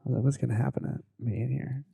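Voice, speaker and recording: A man's voice: mid-range voice, steady tone, quick pace, vocal fry, warm tone, breathy edge, dry recording. A young man, a comedian on a podcast panel, firing off crude one-liners and laughing along. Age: young adult. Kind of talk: casual panel chat.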